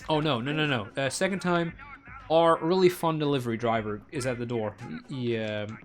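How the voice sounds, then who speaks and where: A man's voice: medium pitch, normal speed, soft background music. A man streaming a game, rambling through a story in casual chat with lots of fillers and acted-out quotes. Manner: rambling anecdote with many fillers and voiced quotes. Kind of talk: casual chat while gaming.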